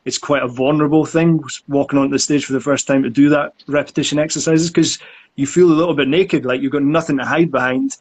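A man's voice: on the high side, fairly even intonation, quick pace, slightly rough. A man in casual conversation who talks earnestly about acting and often repeats words while he thinks.

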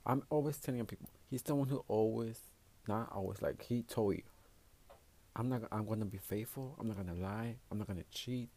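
With no echo on the recording, this man speaks at medium pitch with a darkish tone. Hosting a solo podcast, he keeps it casual, blunt, and vulgar, switching languages between English and Spanish.

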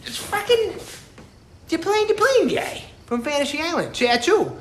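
A woman's voice: extremely high pitch, sing-song, unhurried, slight background noise. A woman chiming in from off-mic on a podcast, calling out and laughing. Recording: roomy, off-mic with faint ambience.

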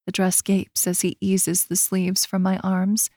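Lady reading a romance audiobook, medium pitch, dry close mic, shifts up for the other voices. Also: completely flat delivery, a little slow, hardly any pauses, dark tone, dry recording. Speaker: audiobook narrator. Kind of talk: first-person audiobook narration.

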